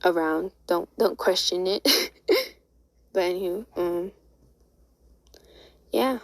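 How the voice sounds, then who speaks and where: A woman talks her way through a made-up story in an easygoing, rambling ramble, tripping over her words and restarting often. Her voice is on the low side with plenty of gravelly fry, and the sound is close and dry with no room around it. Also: slow, dry recording, poor audio. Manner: rambling, stammering, full of "and then" and "like". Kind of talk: casual spoken retelling of a fan story.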